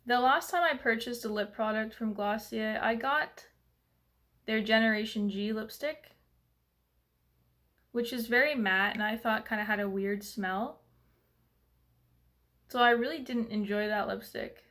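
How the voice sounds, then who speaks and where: A woman's voice: on the high side, unhurried, pauses often, a bit bright. A woman chatting through a casual makeup review at home in a rambling way, full of fillers. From Canada. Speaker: beauty vlogger.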